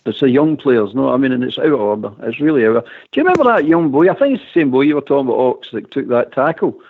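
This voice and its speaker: A man's voice: mid-range voice, very fast, gravelly, no echo. Indignant Scottish man on tinny radio. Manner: indignant, animated football fan. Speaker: radio co-host. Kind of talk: fan phone-in chat. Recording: dry, phone-like radio sound.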